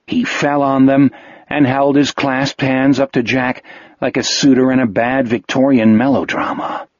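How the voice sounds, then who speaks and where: A man reading an audiobook novel in a measured storytelling manner. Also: medium pitch, flat delivery, no echo, highs cut off. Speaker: audiobook narrator. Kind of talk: scripted narration.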